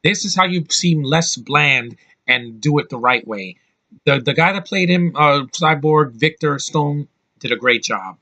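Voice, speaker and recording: A man's voice: a little high, expressive, measured pace, sharp tone. A man giving a casual spoken movie review, enthusiastic and blunt, rambling with restarts and the odd swear word.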